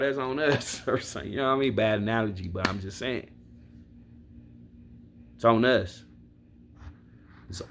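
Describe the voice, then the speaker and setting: Talking straight to his viewers, a Milwaukee, Wisconsin sports vlogger delivers a blunt, profane rant about his football team. His mid-range voice has a fairly bright tone, and a little hiss or hum is present.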